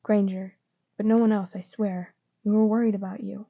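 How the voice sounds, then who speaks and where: A woman reading the lines of a teenage boy wizard, a softening former rival, speaking softly and sometimes near a whisper. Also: medium pitch, little pitch movement, normal speed, creaky. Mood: gentle. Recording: dull lo-fi recording.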